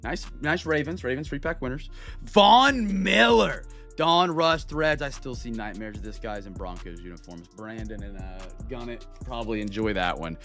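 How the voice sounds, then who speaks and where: A man's voice: fairly low pitch, a little fast, few pauses, a bit bright, faint music behind. A young man hosting a live card break stream, chatting upbeat with viewers, greeting them by name and stretching out hype calls.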